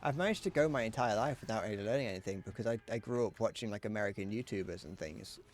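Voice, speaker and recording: A man's voice: fairly low pitch, lively intonation, fast, a little hiss or hum. A British man chatting casually on a gaming livestream, swearing freely and laughing often. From Britain. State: sweaty while gaming. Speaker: streamer.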